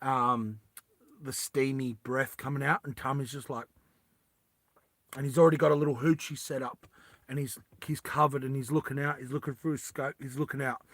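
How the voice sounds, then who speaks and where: A man's voice: mid-range voice, fairly even intonation, fairly bright tone, dry recording. A man telling an improvised story to listeners in a rambling, loose way, with lots of fillers and restarts, and jumping into the characters' lines. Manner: acts out characters' lines in quick bursts.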